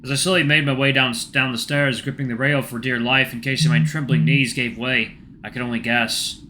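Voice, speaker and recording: A man hosting a gaming channel, reading a game's first-person story aloud in a hushed, tense way. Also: mid-range voice, steady tone, moderate pace, a little hiss or hum.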